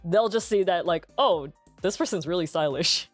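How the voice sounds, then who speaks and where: Streaming at a normal speed over soft background music, a young adult woman talks candidly and relaxedly, laughing often and using many fillers. She has a full, grounded voice with a fairly low pitch.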